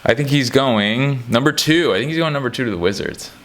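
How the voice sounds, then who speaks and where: A man's voice: medium pitch, fairly quick, fairly bright tone. A man giving casual, rambling basketball commentary, joking and restarting often, with many fillers. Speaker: sports commentator. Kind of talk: casual chat.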